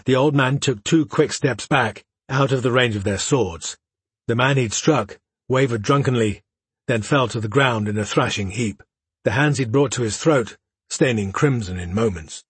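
A man narrating a fantasy audiobook in a steady, even storytelling voice. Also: medium pitch, husky, no room sound.

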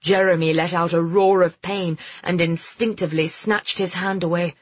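A woman narrating a story in a slow, measured way. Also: fairly low pitch, fairly even intonation, slightly rough, dry recording. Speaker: audiobook narrator. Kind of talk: scripted narration. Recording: dull, muffled sound.

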